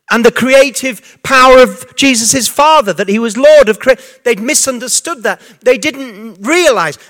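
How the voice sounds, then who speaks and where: High-voiced preacher. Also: male voice. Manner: animated, conversational, with many restarts and asides. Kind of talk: sermon.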